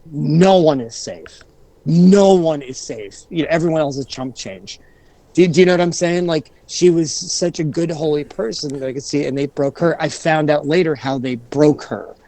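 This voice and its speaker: A man with a fairly high voice tells a personal story as a podcast guest. He is animated, often restarting and repeating phrases, and he acts out his own past reactions. The sound is dry and close. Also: dry recording, poor audio.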